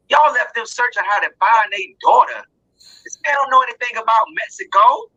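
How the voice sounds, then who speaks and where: A woman hosts a live online panel, her voice bright and forceful with a husky, breathy edge. She speaks with impassioned emphasis, swelling into shouts. The sound is dry and dull, with little room and a narrow, lo-fi tone. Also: a little high. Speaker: host of online talk show.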